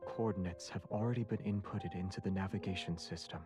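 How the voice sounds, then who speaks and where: A man voicing a gentle, reserved young man in a game, speaking calmly and tenderly, sometimes in a whisper. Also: deep voice, a little fast, close to an everyday voice. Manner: soft, calm, tender, often whispered. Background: game music.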